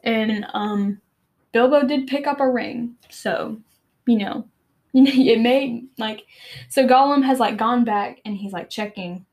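A teenage girl hosts a book podcast, retelling a chapter in a chatty, filler-heavy way and reading passages aloud. Her voice sits fairly high. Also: takes it slowly, a little mellow. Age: teens. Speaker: podcast host.

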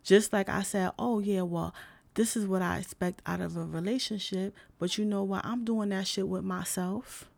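Young new woman venting, gravelly fry in her voice, cussing nonstop, lots of fillers. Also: mid-range voice, fairly even intonation, normal speed, a little mellow. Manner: blunt, heavy swearing, lots of fillers. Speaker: vlogger. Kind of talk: casual rant to camera.

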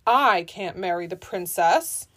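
A woman's voice: on the low side, animated, unhurried, a bit bright. Lovestruck young prince, voiced by a woman. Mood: tender. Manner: heartfelt, earnest. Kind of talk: reading a children's storybook aloud.

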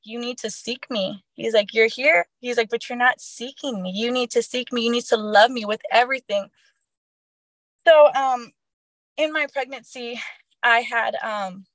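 A young woman recounts her testimony in an earnest, casual way, often restarting her sentences. Her voice sits a little high and sounds close and dry, with no room around it. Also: no room sound, poor audio. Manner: earnest, many fillers and restarts. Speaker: guest sharing her testimony. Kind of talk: personal testimony, casual storytelling.

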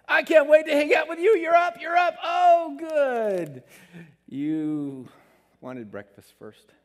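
A man voicing God as an eager, delighted figure who can hardly wait to spend time with someone, calling out in a high, excited voice. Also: very slow. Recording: long hall reverb.

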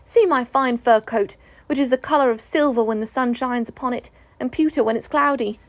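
A woman's voice: fairly high pitch, brisk, dry recording, close to an everyday voice. A woman voicing a haughty, vain female otter in a storybook reading, with a demanding manner.

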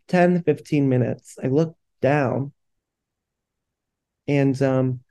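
A young man at mid pitch, hosting his own podcast and telling an embarrassing story on himself. He talks casually and candidly, swears freely and keeps breaking into laughter at his own expense. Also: dark tone. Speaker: podcast host.

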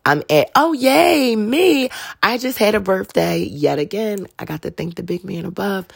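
Low gravelly-voiced woman telling stories. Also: expressive, normal speed, no echo, studio quality. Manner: chatty, slangy, laughs through her stories. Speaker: podcast host and mother. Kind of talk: casual storytelling monologue.

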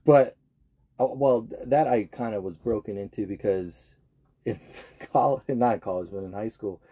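A man's voice: lowish voice, moderate pace, mellow, breathy edge. A young man in casual chat, laid-back and teasing, often trailing off.

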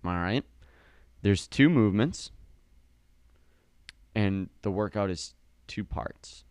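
A man's voice: fairly low pitch, expressive, slow pace, a little mellow, smooth, no echo. A male fitness coach co-hosting a casual podcast, talking in an upbeat coaching tone with a slight lisp from a sore tongue.

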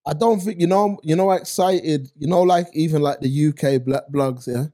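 A man's voice: on the high side, moderate pace, mellow. A man talking earnestly in a casual podcast chat, often repeating his points. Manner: questioning, earnest, repeats himself. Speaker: podcast co-host.

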